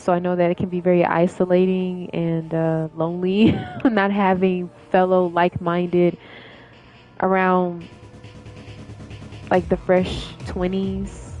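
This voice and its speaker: A woman's voice: fairly low pitch, mellow. A young woman streamer chatting casually with her viewers, laughing often and rambling with many fillers. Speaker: gaming streamer.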